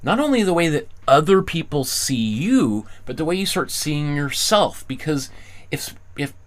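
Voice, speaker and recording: Animated, chatty male art teacher. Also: moderate pace. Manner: casual, rambling, encouraging, restarts phrases often; acts out quoted voices with big pitch jumps. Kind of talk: live online drawing class.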